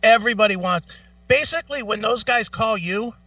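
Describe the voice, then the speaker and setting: Middle-aged male co-host, bright lively voice, cursing storyteller, dull off-mic studio sound. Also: sits high, brisk, no room sound, recorded from a distance. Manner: profane, animated, laughs through stories. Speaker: radio show co-host. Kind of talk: casual on-air storytelling. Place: radio studio.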